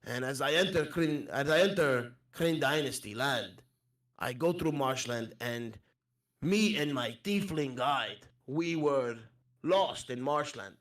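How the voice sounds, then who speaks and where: A man's voice: mid-range voice, lively intonation, fairly bright tone. Give me a man as an earnest traveling mage who talks in stiff, broken phrases during a tabletop game. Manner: halting formal speech, drops articles. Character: earnest male traveler mage, formal and friendly. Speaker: player. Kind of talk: tabletop role-play.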